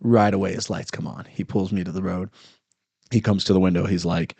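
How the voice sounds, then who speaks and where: Man, gravelly, low voice, animated storyteller, dry close sound. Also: brisk, dry recording. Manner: animated storyteller, acts out angry cops loudly. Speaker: comedian guest. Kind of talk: casual storytelling chat.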